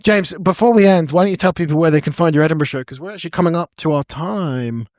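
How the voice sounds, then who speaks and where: A man's voice: on the high side, fast, darkish tone, dry recording, studio quality. An English man co-hosting a podcast, teasing and joking in casual chat. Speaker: podcast co-host.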